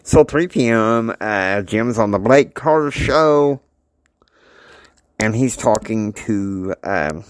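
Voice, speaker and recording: A man's voice: lowish voice, no echo. A man hosting a podcast, retelling a family drama story in a loose, rambling way with restarts and asides. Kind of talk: casual story retelling with acted quotes.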